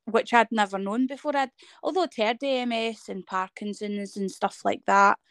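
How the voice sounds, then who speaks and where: This guest is a woman from Scotland in her thirties with a mid-range voice and a moderate pace. Recorded in studio quality with no echo, she tells a personal story conversationally and brings it to life by acting out what others said to her.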